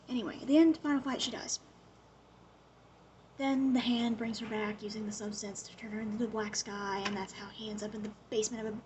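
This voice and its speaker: A young woman in casual chat, recapping a TV show in an animated way, with lots of "like" and acted-out quotes. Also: medium pitch, slight background noise. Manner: chatty, animated retelling full of "like" and acted-out quotes.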